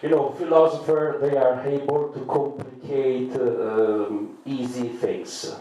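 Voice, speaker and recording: A man's voice: mid-range voice, steady tone, takes it slowly, warm tone, distant mic, slight background noise. An Italian-accented man in the middle of a stand-up set. He speaks unhurriedly in hesitant English, restarting his phrases often. His voice carries a heavy room echo and sits well back from the microphone. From Italy. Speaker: stand-up comedian. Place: comedy club stage, indoors. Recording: roomy echo, mic from afar.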